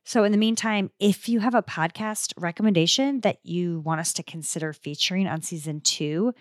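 A woman's voice: on the low side, normal speed, no echo, studio quality. A woman with a Midwestern accent, co-hosting a podcast in a chatty, upbeat way and signing off the episode. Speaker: podcast co-host. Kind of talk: casual podcast chat.

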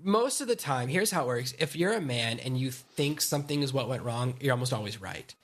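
A man's voice: medium pitch, lively intonation, fairly quick, fairly bright tone. A middle-aged man co-hosting a dating podcast, lecturing with firm opinions in casual chat. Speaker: podcast co-host.

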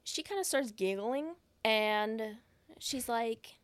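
A woman's voice: on the high side, clear, resonant tone, no echo. Giggly woman recapping a movie. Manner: retells scenes with quick acted quotes and giggles. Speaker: podcast co-host. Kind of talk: casual movie recap chat.

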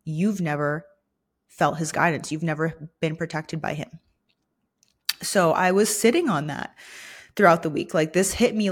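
A woman's voice: on the low side, husky. Candid young woman podcaster, emotional. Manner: candid, vulnerable, many fillers like "like" and "you know". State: emotional, near tears. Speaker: podcast host. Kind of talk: personal reflective monologue.

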